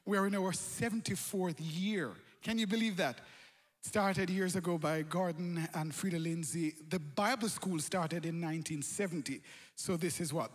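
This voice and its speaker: A man's voice: sits high, breathy edge. A Jamaican man hosting a conference in a large auditorium, energetically calling out to the crowd. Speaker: conference host. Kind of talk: lively crowd warm-up.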